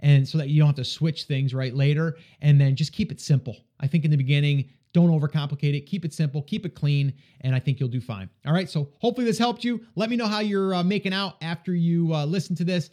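A male podcast host with a slightly higher voice answers listener questions in a relaxed coaching tone. He talks casually and keeps checking that listeners are following with a quick "okay?".

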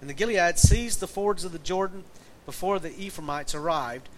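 A man's voice: high voice, moderate pace, a bit bright, poor audio. A middle-aged man with a Southern accent preaching a conversational sermon, telling a folksy family story and reading scripture aloud. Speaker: pastor. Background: faint air conditioner hum.

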